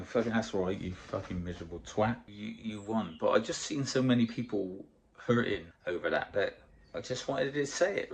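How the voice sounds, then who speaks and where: A man in a casual motivational vlog, coaching on weight loss in a blunt, sweary, animated way. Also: on the low side.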